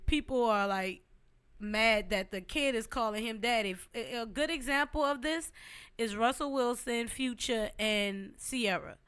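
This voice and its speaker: A woman's voice: on the high side, unhurried, a bit bright, clear, resonant tone. A woman co-hosting a podcast, talking casually and emphatically, sprinkling "like" and "period" through her points. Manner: emphatic, opinionated, says "like" and "period" often. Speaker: podcast co-host. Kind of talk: casual chat. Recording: music playing behind.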